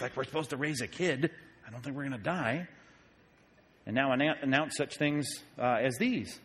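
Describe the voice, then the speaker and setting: A man's voice: medium pitch, moderate pace, pauses often. A man, a pastor, teaching a sermon on Bible passages in a conversational way, often asking his listeners questions. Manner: conversational, animated, asks the audience questions.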